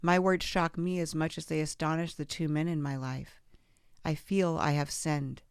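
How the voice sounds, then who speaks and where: A woman podcast host reading a memoir aloud in a measured, expressive way on a close studio mic. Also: low-pitched, clear, resonant tone, dry recording.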